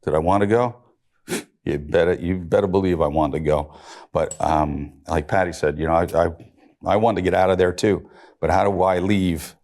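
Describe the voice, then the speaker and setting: Very deep-voiced middle-aged man. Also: fairly even intonation, moderate pace, darkish tone. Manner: matter-of-fact storytelling with dry humor. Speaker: rescue police officer, panelist. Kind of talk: recounting a rescue on a panel.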